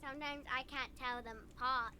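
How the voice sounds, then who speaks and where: A woman's voice: sits high, fairly even intonation, brisk, pushed and bright, slight background noise. A woman voicing a curious, innocent little girl of about four or five in a video game. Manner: innocent, matter-of-fact.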